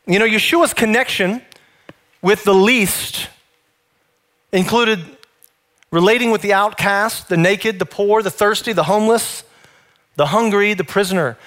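A man's voice: high voice, normal speed, fairly bright tone. A man in his thirties preaching a sermon, telling family stories in a conversational way before moving into teaching. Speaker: pastor.

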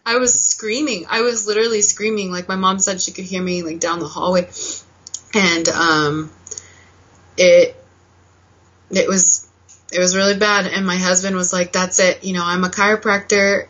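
A woman in her twenties, a podcast guest telling her story candidly with fillers, quick laughs and emotional moments. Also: on the low side, steady tone, dull audio. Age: 20s. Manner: emotional, softening at painful moments.

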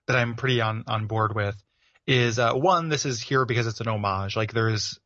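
Man, casual podcast co-host, bright forceful voice, rambling with fillers, dry slightly lo-fi sound. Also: mid-range voice, moderate pace, no room sound. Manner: rambling, full of filler words. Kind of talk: casual video game discussion.

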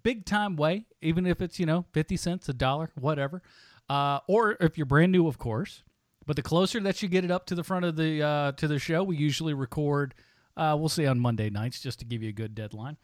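Male co-host, slightly high, loose and chatty. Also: a little fast, no room sound, studio quality. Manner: rambling, laughs often, frequent restarts. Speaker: podcast co-host. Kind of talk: casual chat.

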